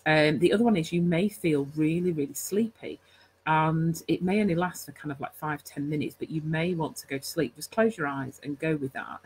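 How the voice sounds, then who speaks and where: A woman's voice: sits low, a little mellow, a little hiss or hum, low-quality recording. A woman hosting a live stream, chatty and rambling, full of fillers and self-corrections as she teaches. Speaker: host.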